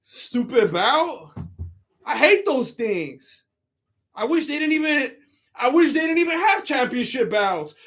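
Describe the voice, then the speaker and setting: A man putting on a mocking impression of a champion fighter who claims he never cared about his title, loud and exaggerated. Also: very high voice, very animated, unhurried, exaggerated voice. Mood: mock-dismissive. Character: boastful male champion fighter acting nonchalant. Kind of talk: comic impression on a live stream.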